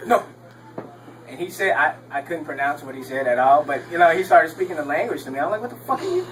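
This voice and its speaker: A man's voice: fairly high pitch, fast talker, a bit bright, recorded from a distance, slight background noise, rough recording. A young man from Texas doing a stand-up comedy set on a club stage, rambling with lots of ums and laughing at his own jokes.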